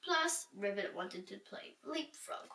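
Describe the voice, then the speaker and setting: A woman reading a children's book aloud with expressive storytelling. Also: mid-range voice, takes it slowly, gravelly. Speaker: storybook reader. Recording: roomy echo, distant from mic.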